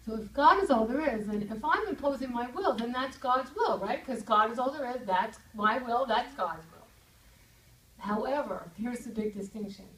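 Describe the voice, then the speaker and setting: Woman speaking in an echoey room. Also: fairly high pitch. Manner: lively, asks the audience questions. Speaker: speaker leading a group session. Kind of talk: casual talk to a group. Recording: echoey room, mic far off.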